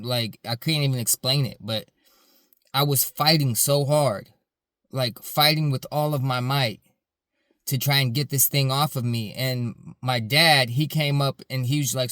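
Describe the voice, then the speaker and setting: A man's voice: mid-range voice, fairly bright tone, no echo, studio quality. A man, a security supervisor, earnestly telling a story in a casual, rambling way, full of fillers.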